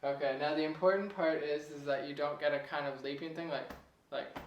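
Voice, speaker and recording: A young man giving a casual piano lesson, relaxed and chatty, chuckling at himself now and then. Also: fairly high pitch, fairly quick, distant mic, lo-fi sound, slight background noise. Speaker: piano teacher. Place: room with a piano. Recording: echoey room, voice off-mic.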